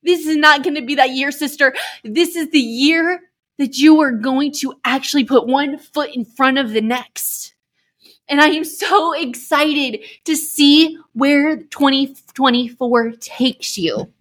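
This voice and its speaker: A woman's voice: high voice, slow pace, a bit bright. Gushing, fired-up woman podcast host. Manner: gushing, emphatic, swears for emphasis. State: emotional, near tears. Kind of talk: motivational podcast monologue.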